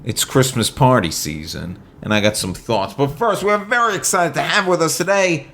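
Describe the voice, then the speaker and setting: A man co-hosting a podcast, announcing the segments and trading deadpan jokes. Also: on the high side, moderate pace, a little hiss or hum. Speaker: podcast co-host. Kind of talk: casual chat.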